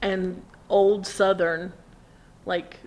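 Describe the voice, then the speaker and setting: A woman's voice: lowish voice, level tone, drawn-out words, darkish tone. A woman producer chatting on a podcast and explaining her ideas thoughtfully. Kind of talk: casual podcast chat.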